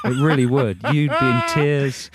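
A man's voice: mid-range voice, fairly even intonation, moderate pace, very noisy. A man co-hosting a radio show at a festival, joking with dry, self-mocking humor. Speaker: radio host. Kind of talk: casual radio chat. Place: outdoor festival broadcast.

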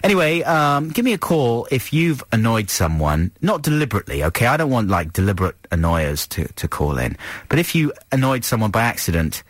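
A man's voice: medium pitch, sing-song, a little fast, no echo. A man hosting a music radio show, chatting in a rambling, self-deprecating way with frequent chuckles. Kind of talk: casual radio chat. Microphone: studio microphone.

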